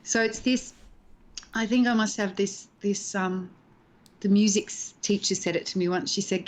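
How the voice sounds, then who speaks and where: A woman's voice: medium pitch, normal speed. A middle-aged actress telling stories in a casual interview over a video call, acting out the voices of people she quotes. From Australia. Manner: animated storyteller, acts out quoted voices. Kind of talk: casual chat, storytelling.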